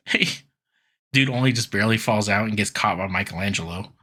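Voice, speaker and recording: Male podcast co-host, forceful and a bit raspy, loose filler-heavy recap chat. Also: lowish voice, moderate pace. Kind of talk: casual chat recapping a cartoon episode.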